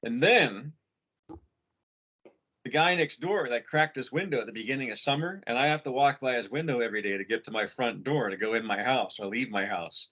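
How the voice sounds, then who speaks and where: Brief: bright-voiced male podcast co-host, profane and animated, muffled call sound. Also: mid-range voice, brisk. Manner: profane, animated storyteller acting out quotes. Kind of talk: casual chat, storytelling. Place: home condo.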